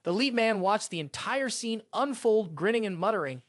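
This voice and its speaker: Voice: mid-range voice, expressive, moderate pace, no room sound, studio quality. A narrator telling a drama recap in a scripted storytelling style.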